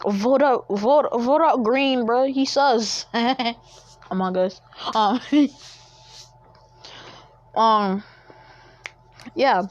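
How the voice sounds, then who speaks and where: A woman telling a story in casual chat, rambling, with many fillers and restarts. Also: fairly high pitch. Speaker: fan-fiction storyteller. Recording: dull lo-fi dry recording.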